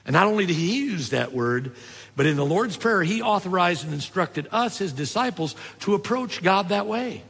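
An older man preaching a sermon, telling stories in a conversational way and dropping low and soft for tender points. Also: lively intonation, moderate pace, slightly rough, long reverb tail. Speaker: pastor.

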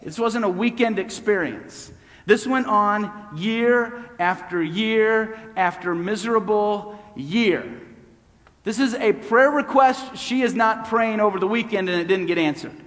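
A man's voice: high-pitched, measured pace, a bit bright. A man preaching a sermon as pastor, with an emphatic, repeating cadence that builds on phrases. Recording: long hall reverb.

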